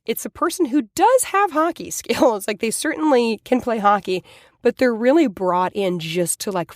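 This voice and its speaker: A woman in her thirties from Boston, telling a personal story in a chatty, animated way, full of "like" fillers. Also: fairly high pitch, normal speed, no room sound, clean studio sound. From Boston, USA. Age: 30s.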